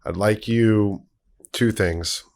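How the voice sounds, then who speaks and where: A man's voice: on the low side, slow, darkish tone. A young man hosting a podcast, friendly and leading his guest through the talk. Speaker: podcast host. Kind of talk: casual interview chat.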